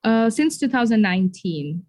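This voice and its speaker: A woman's voice: fairly high pitch, very animated, normal speed, crowd noise. Young woman chatting easily as a podcast guest. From Sri Lanka. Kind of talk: casual podcast chat.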